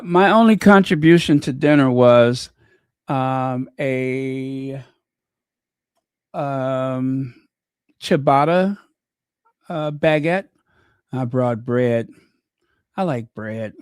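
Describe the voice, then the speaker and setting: A man's voice: mid-range voice, extremely slow, pauses often, smooth, no room sound. A man hosting a casual livestream, chatting in a rambling way with many fillers and restarts, close to the mic. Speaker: channel host.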